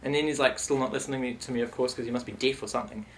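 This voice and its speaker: A man's voice: mid-range voice, rapid-fire. A young man telling a silly comic story in a vlog, rambling and playful. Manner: rambling, playful, animated retelling. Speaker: vlogger.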